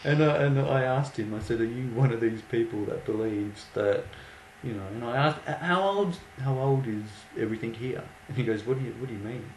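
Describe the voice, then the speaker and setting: A man's voice: mid-range voice, fairly even intonation, a little fast, few pauses, a little mellow. A young man casually telling a story, amused and mocking, often breaking into laughter. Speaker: vlogger. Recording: echoey room with faint background noise.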